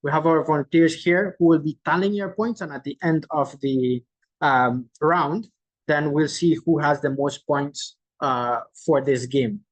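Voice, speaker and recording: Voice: mid-range voice, steady tone, low-quality recording. Chatty virtual game host asking "right?". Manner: tags many lines with "right?", loose and chatty; repeats each clue slowly, reading out answers from the chat. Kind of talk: casual hosting of a chat quiz game. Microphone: video call.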